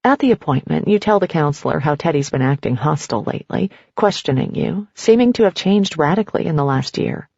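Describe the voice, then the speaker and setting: A woman narrating a nonfiction audiobook, telling a story in the second person in a steady way. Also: low voice, a little fast, hardly any pauses, husky, dry recording, dull audio.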